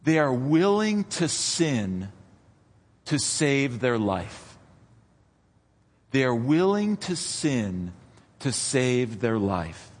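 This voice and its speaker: A man preaching a sermon as pastor, dramatic and rising toward near-shouts when he retells scenes. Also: medium pitch, very animated, extremely slow, long pauses. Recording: long reverb of a church hall.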